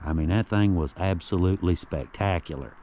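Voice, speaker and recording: A man's voice: sits low, a little fast, noisy background. A man rambling in a folksy, casual way as he narrates a walking vlog outdoors on a rural hillside. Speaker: vlogger exploring local history sites.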